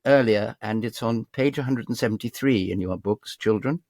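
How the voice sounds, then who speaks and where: A man's voice: fairly low pitch, normal speed, darkish tone, no echo, studio quality. A man, a voice actor, chatting and reading from his book in a rambling, theatrical, self-mocking way. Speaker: voice actor guest. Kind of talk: casual interview chat, reading from his book.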